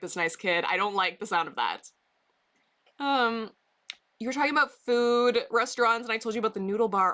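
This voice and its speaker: Brief: chatty woman streamer with a bright, sharp voice, casual and rambling, talking to viewers from her basement. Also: mid-range voice, normal speed, long pauses. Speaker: livestreamer. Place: basement bedroom.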